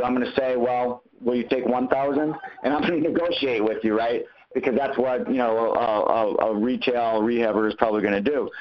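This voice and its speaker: A man hosts a coaching call-in session and answers callers in an animated way, often acting out the dialogue he quotes. His voice sits at a middle pitch. The audio comes through muffled and lo-fi. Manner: animated, acts out quoted conversations. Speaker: host answering callers' questions.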